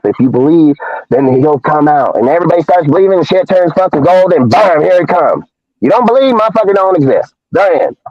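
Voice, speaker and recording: A man's voice: fairly high pitch, a little mellow, dry recording. A man hosting a live show, ranting in a heated, profane, confrontational way. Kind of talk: live-stream rant. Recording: dull lo-fi dry stream audio.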